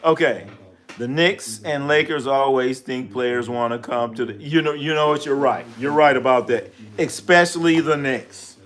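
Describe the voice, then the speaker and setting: A man's voice: medium pitch, moderate pace, a bit bright. A man hosting a casual sports livestream, joking with viewers and firing off rhetorical questions.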